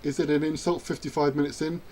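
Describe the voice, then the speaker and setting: A man's voice: fairly high pitch, little pitch movement, quick pace, warm tone, a little hiss or hum. A man chatting his way through a rugby video game, self-mocking and now and then cheering at the screen. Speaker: gaming channel host. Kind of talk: let's-play commentary.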